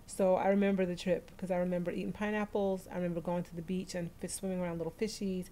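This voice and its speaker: A woman's voice: on the low side, little pitch movement, fast talker, mellow. Chatty woman streaming live from a phone. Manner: chatty, laughs often, greets viewers by name. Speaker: livestream host. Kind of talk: casual livestream chat.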